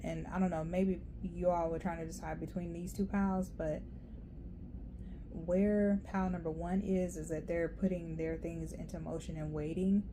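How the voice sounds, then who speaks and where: A woman giving a casual, rambling tarot reading, chatty and quick to laugh. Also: lowish voice, noisy background. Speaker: tarot reader.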